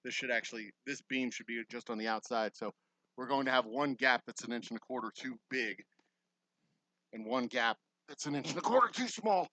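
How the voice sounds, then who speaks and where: A man with a Texan accent and a bright, forward voice narrates his own construction work for a vlog. He thinks aloud and makes self-deprecating asides to viewers. The camera mic picks him up as he moves around the site. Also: medium pitch, expressive, a little fast, no room sound, rough recording. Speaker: distillery owner vlogging construction. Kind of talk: casual vlog while working. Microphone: camera mic, moving around off camera.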